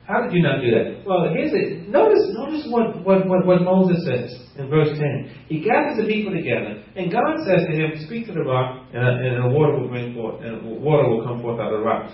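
A man preaching a teaching sermon, animated and laughing often, acting out the quotes he reads. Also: a little high, brisk, hardly any pauses. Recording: roomy, distant, muffled.

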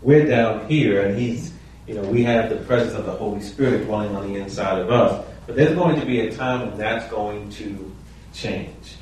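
A man's voice: on the low side, normal speed, a little mellow, slight background noise. A man leading a Bible study, talking conversationally and asking the group questions. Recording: echoey room, mic far off.

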